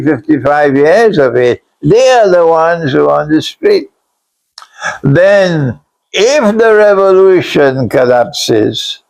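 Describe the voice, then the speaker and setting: A man delivers a religious lecture at a deliberate, unhurried pace, his slightly raised voice edged with gravel. He speaks bluntly, repeats key phrases for weight and now and then climbs to a shout. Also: on the high side, poor audio. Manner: blunt, admits harsh language. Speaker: Islamic scholar lecturing.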